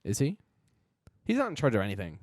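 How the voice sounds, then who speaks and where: A man's voice: medium pitch, huge pitch swings, fast talker, a little mellow, dry recording, clean studio sound. A man in his early twenties co-hosting a podcast in casual, joking, profane chat. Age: early 20s. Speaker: podcast co-host.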